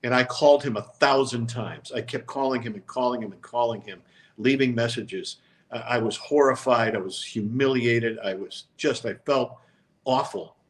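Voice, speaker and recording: An older man speaks at an everyday mid pitch, unhurried and conversational. He drifts into long stories in a reflective, regretful voice, now and then slipping into the voices of the people he quotes. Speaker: sports talk show co-host. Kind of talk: casual storytelling chat.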